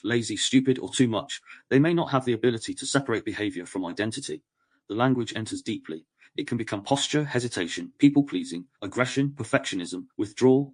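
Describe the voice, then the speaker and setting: A man narrating a nonfiction audiobook in a calm, measured, even voice. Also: lowish voice, dry recording.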